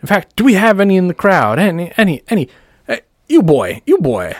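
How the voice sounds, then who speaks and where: A high, loud carnival barker of a medicine-show doctor, as a man puts him on. He is sly and bossy, pushing his miracle tonic in a tabletop role-playing game. The sound is dry and close. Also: very animated, a little fast, no room sound. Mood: showman pitch. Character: fast-talking male snake-oil showman doctor.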